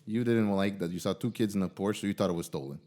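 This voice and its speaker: A man's voice: deep voice, fast talker. Laid-back guy telling a story. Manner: animated storyteller with lots of fillers. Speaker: podcast host. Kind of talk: casual chat, storytelling.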